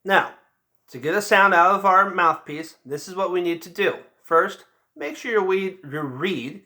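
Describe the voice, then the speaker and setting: A male band teacher gives a patient, step-by-step lesson, pausing often to check that students follow along. His voice is bright and sits a bit high for a man, and he keeps his instructions plain and encouraging.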